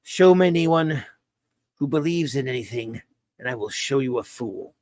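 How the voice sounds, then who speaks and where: A man's voice: expressive, moderate pace, a little mellow, a little hiss or hum, natural voice. A man doing a cold, snarling space rebel. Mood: cold, bitter. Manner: low snarling growl.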